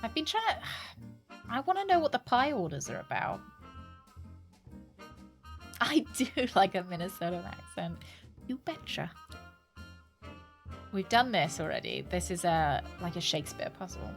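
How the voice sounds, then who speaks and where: A woman's voice: lowish voice, very animated, fairly quick, vocal fry, faint music behind. A woman streaming a video game, chatting casually, laughing often and exclaiming at what she finds. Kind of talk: casual let's-play commentary.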